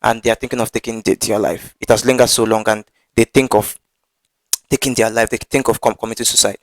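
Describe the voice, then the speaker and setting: A man's voice: fairly low pitch, steady tone, fairly quick, no echo, low-quality recording. A man giving an earnest Bible teaching, often stammering and repeating his words as he works through his points. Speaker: preacher.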